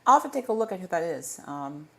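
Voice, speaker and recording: A man's voice: high-pitched, big pitch swings, fast talker, creaky, sharp tone. Stumbling, playful young-sounding man chatting live. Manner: stumbling, self-correcting, playful rambling. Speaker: livestream host. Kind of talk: casual livestream Q&A chat. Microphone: desk microphone.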